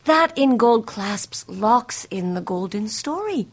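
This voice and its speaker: A woman's voice: on the high side, lively intonation, breathy edge, exaggerated voice. An actress playing a formal noble mother who presses her daughter to marry, in a Shakespeare reading. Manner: measured and formal.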